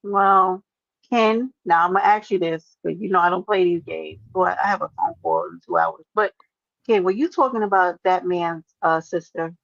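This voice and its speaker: A woman's voice: fairly low pitch, very animated, moderate pace, vocal fry, no echo. Woman, livestream host, brash, teasing, dry close sound, dull lo-fi audio. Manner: brash, teasing, swears freely. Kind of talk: casual livestream chat.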